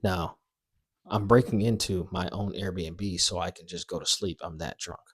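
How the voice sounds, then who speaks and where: A young man telling a story-time tale in a casual, animated, slangy and self-mocking way. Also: deep voice, normal speed, slightly rough, no echo, clean studio sound.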